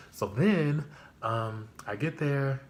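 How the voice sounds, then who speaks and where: A young man telling a casual storytime vlog, slangy and full of fillers, leaping into a high excited voice when he quotes himself. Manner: animated, jumps to high excited pitch when quoting himself; loose slangy chat with many fillers. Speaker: storyteller vlogger.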